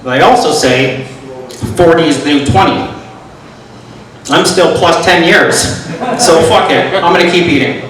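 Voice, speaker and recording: Man, middle-aged, stand-up comic, deadpan delivery, slightly high voice, heavy room echo, distant mic. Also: unhurried, long pauses, background noise. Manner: deadpan, self-deprecating punchlines. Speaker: stand-up comedian. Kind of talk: stand-up comedy set. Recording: echoey room, mic from far off.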